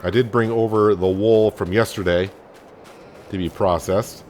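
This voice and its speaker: A man's voice: lowish voice, steady tone, measured pace, darkish tone, a little hiss or hum. A man casually commenting as he plays a farming game, thinking aloud with many fillers. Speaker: gaming channel host. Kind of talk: casual let's-play commentary.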